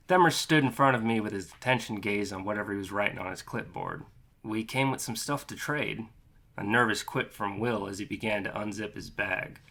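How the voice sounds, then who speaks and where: A man reading a first-person audiobook in a steady, matter-of-fact way, with the odd casual curse. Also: fairly low pitch. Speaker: audiobook narrator.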